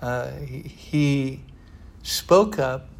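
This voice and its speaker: An older man preaching a sermon in an earnest, rambling way, often pausing on "uh". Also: mid-range voice, creaky. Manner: earnest, digressive, frequent "uh" fillers.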